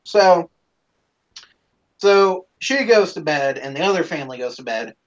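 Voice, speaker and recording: A man's voice: fairly high pitch, animated, measured pace. A man hosting a live stream, casually telling a rambling, profane story with plenty of swearing, on a dull lo-fi recording.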